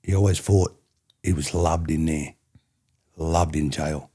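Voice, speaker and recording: A middle-aged former rugby player from country New South Wales, Australia, talks as a podcast guest in a rumbling low, dark voice with a breathy edge. His tone stays steady and unhurried as he tells casual, reflective, rambling stories, often tacking on "you know what I mean".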